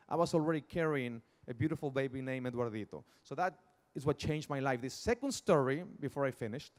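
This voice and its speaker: A middle-aged man with a Mexican Spanish accent tells a personal story from a stage. He speaks earnestly and a little high for a man, and he acts out the other people's lines as he goes. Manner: earnest storytelling, acting out dialogue. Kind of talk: personal testimony speech. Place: large outdoor event stage.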